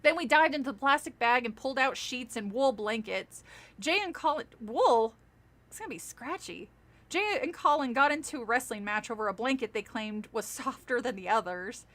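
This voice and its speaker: A young woman reading a children's scary book aloud in a casual stream, stopping to chat and giggle. Her voice is high, bright and very lively, swinging all over the place. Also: normal speed. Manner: giggly, breaks into laughter often.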